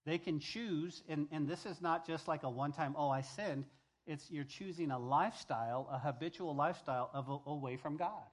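A male pastor preaching a sermon, emphatic, repeating key phrases and swinging between loud and hushed delivery. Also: fairly high pitch, a little fast, few pauses.

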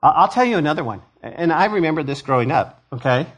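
Animated preaching man, slightly high voice. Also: fast, husky. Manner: animated, acts out quoted voices, conversational preaching. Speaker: pastor. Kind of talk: sermon. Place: church sanctuary.

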